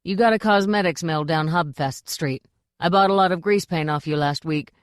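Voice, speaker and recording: A woman's voice: on the low side, moderate pace, clear, resonant tone, dry recording, clean studio sound, lightly acted. A woman voicing a drunk male dwarf playwright who slurs and fumbles his words. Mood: teasing. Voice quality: slurred, fumbling speech.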